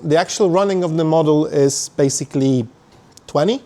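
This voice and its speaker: A man's voice: a little high, normal speed, mellow. Man giving a technical meetup talk. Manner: explanatory, with frequent fillers and restarts. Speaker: conference speaker. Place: meetup venue.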